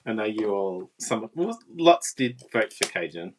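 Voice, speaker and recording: A woman's voice: a bass voice, sing-song, measured pace, a little mellow, slight background noise. A woman giving a casual, chatty live card-making demonstration and talking with viewers. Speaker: papercraft demonstrator.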